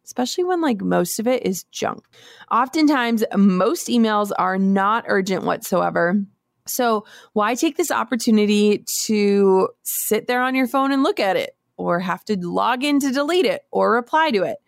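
A woman's voice: mid-range voice, lively intonation, normal speed, gravelly, dry recording, clean studio sound. A woman in her thirties hosting a podcast, talking in a chatty, encouraging way with lots of "like". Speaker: podcast host. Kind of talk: casual solo podcast talk.

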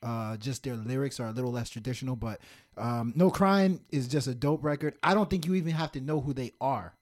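A man's voice: medium pitch, brisk. A young man from Washington, D.C., co-hosting a podcast, joking and teasing while reviewing songs. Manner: animated, joking, playful teasing. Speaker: podcast co-host. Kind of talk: casual music review chat.

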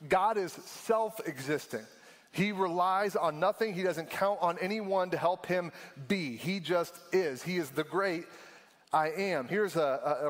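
A young adult man preaching a sermon as a pastor, animated and conversational, laughing often. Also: high voice. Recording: long hall reverb.

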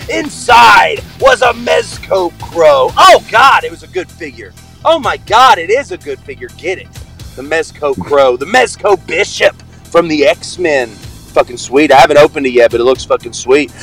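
A man voicing a hyper toy-collector who brags about himself in the third person, shouting and excitable, with crude jokes. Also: fairly high pitch, a little slow, vocal fry, faint music behind, heavily acted. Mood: excited. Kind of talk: comedy call-in bit.

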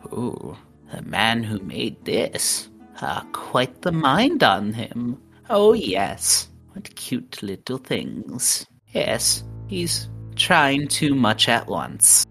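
A woman's voice: rumbling low, wildly swooping pitch, very slow, vocal fry, fairly bright tone, faint music behind, pitched above the performer's own voice, heavily acted. A woman voicing a sly, sickly sweet old hag granny who calls everyone dearie. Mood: sugary scheming.

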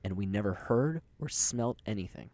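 A man's voice: lowish voice, expressive, a little fast, dark tone, slight background noise. A young man co-hosting a podcast, telling stories in a rambling, casual way with easy swearing and laughter. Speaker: podcast co-host. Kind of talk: casual chat, storytelling.

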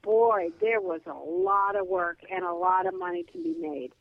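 A woman guest telling a lively comedy anecdote over the phone, full of fillers. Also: mid-range voice, normal speed, creaky, no room sound. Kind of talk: casual storytelling on a call-in show. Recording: tinny phone line, dry.

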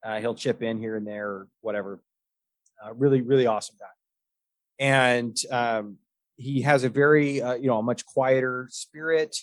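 A man's voice: medium pitch, fairly even intonation, normal speed, no room sound. A man hosting a podcast in casual chat, telling stories in a rambling way with lots of fillers and restarts. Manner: rambling storyteller, many fillers and restarts, laughs often. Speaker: podcast host.

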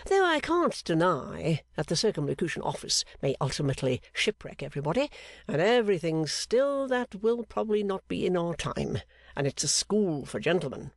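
A man voicing an airy, cynical gentleman painter who talks with breezy enthusiasm. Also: high-pitched, very animated, normal speed, no room sound, clean studio sound, full character voice.

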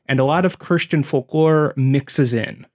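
A man's voice: on the high side, unhurried. A man co-hosting a podcast, casually telling folklore stories from his notes to his co-host. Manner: storytelling, explaining folklore from notes.

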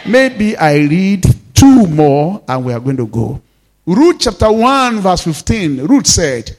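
A pastor preaching a sermon, swinging between loud exhortations and soft, intimate asides. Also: male voice, a little high, very animated, slow pace.

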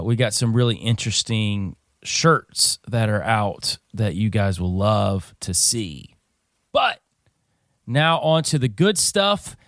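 A man's voice: mid-range voice, fairly bright tone, no echo, studio quality. Upbeat podcast host man. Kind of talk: casual podcast banter.

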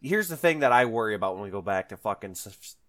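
Profane, animated podcast guy. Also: fast talker. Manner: profane, rambling, acts out quotes in high silly voices. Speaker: podcast co-host. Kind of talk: casual chat.

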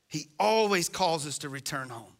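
A man's voice: high-pitched, animated, normal speed, sharp tone. A middle-aged man preaching a sermon as pastor, impassioned and acting out the voices he quotes.

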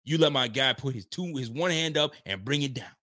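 Swearing freely and venting his frustration, a young male host rants on a live sports stream and now and then imitates players. His mid-pitched voice is fairly quick, pushed and bright.

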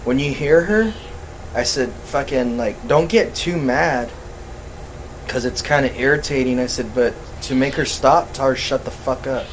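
Laid-back man telling stories, slow talker. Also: mid-range voice, slight background noise, rough recording. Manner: laid-back, swears a lot, laughs through his stories. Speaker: podcast co-host. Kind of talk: casual chat.

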